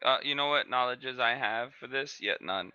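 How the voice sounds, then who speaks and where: A man playing in an online tabletop game who throws in quick jokes. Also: mid-range voice, sharp tone, clear, resonant tone, no room sound, highs cut off. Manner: quick joking quips. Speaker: player. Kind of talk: casual game chat.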